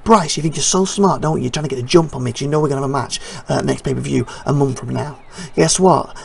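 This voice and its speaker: A man voicing a cocky male wrestling champion who quickly taunts his rival on the mic. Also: medium pitch, gravelly, breathy edge. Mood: taunting.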